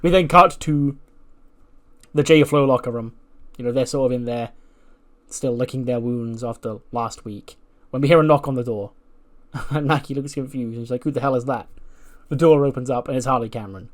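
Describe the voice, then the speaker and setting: A man's voice: medium pitch, moderate pace. Chatty man narrating a game recap. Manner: chatty, laughs often, with fillers. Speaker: let's play narrator. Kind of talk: casual story recap of a game save.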